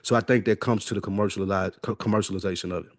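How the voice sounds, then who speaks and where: A man with a fairly low voice, co-hosting a podcast in a relaxed, easygoing way and moving the talk from topic to topic. He is recorded dry on a close studio mic. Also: very fast, no echo. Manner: laid-back, steers the topics. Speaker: podcast co-host. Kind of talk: casual chat.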